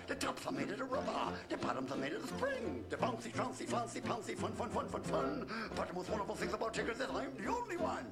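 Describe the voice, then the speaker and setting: A man voicing a bouncy, boastful cartoon tiger who sings and giggles over loud backing music. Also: very high voice, heavily acted. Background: song backing music.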